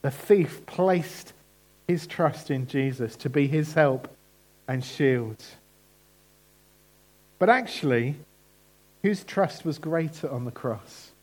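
A man preaching a sermon in a church, earnest and emphatic, slowing down on key phrases. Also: fairly high pitch, expressive, darkish tone.

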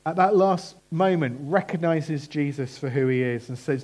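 A man preaching a sermon in a church, earnest and emphatic, slowing down on key phrases. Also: a little high, a little mellow.

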